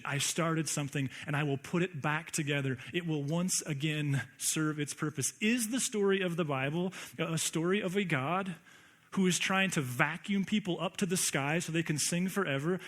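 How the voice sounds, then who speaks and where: A man's voice: on the high side, fairly bright tone. A male pastor preaching a conversational sermon, full of rhetorical questions and emphatic repetition.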